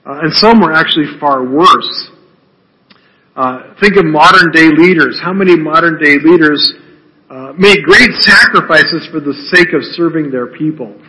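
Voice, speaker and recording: A man giving a conversational Bible teaching, tossing in "right?" and frequent "uh"s as he goes. His voice sits a bit high and rings bright and forceful. It carries a long reverb, as if recorded in a large hall. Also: moderate pace, a little hiss or hum. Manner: checks in with "right?" tags and frequent "uh" fillers.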